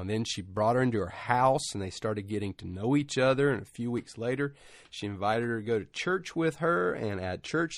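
A man's voice: fairly low pitch, no room sound. Middle-aged man preaching in a dry voice. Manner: informal, rambling, many "you know" asides. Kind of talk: conversational sermon with storytelling.

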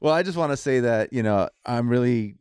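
A man hosting a podcast in casual chat, agreeable and quick with short affirmations. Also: mid-range voice, lively intonation, a little mellow, smooth. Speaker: podcast host.

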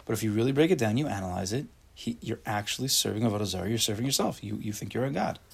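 Man, casual Torah class, husky, gravelly, acts out angry voices, questions the class. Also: fairly low pitch, lively intonation, racing. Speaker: Torah teacher. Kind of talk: casual shiur, reading and explaining a text.

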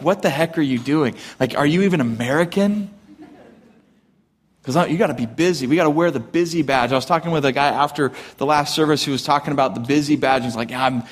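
A man in his thirties, a pastor preaching a casual, conversational sermon to his congregation, animated and joking with the room. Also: a little high. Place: church hall with live congregation. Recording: long hall reverb.

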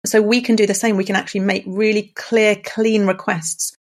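A woman, co-hosting a podcast. She speaks calmly and gently, in considered, encouraging phrases. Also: mid-range voice, normal speed. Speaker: podcast co-host. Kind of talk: casual conversation.

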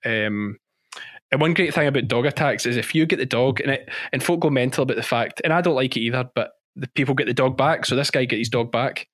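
A man, a former policeman turned sheep farmer, talks through his stories in a relaxed, rambling way. He laughs easily and repeats his points as he goes. His voice sits at a middle pitch, recorded close and dry with no room sound. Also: dry recording. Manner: chatty storytelling, laughs often, repeats himself. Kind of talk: casual podcast interview.

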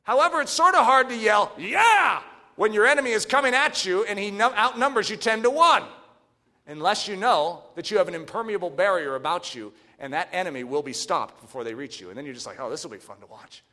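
Animated, high-voiced preaching man. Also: fast talker. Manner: animated preaching, swings from hushed to shouting. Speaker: pastor. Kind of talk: sermon.

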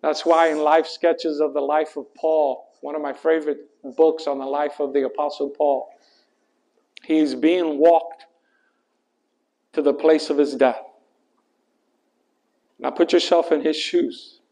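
A male pastor preaching a sermon, slow and earnest, rising in pitch and force at his peaks and asking the congregation to finish verses. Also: level tone, dark tone.

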